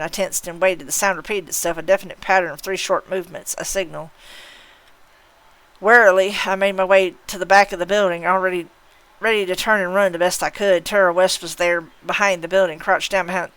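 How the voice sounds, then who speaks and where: A woman reads a novel aloud on a live stream, taking her time over every line and sometimes stumbling and correcting herself mid-sentence. Her voice is on the low side and sits in a middle register, with fairly even intonation and a fairly bright, smooth tone. The audio is poor, with no room sound.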